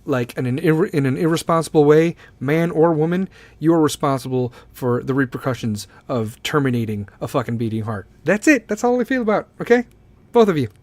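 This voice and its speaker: A man's voice: mid-range voice, no room sound. A man hosting a casual solo podcast, talking bluntly and swearing a lot as he gives his opinions. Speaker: podcast host.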